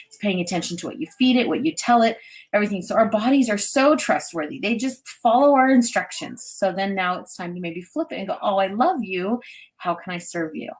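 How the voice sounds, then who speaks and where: A middle-aged woman hosting a live stream, chatting warmly and giving intuitive readings to viewers. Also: medium pitch. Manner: bubbly, chatty, reads viewer comments aloud, laughs often. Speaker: intuitive reader and host.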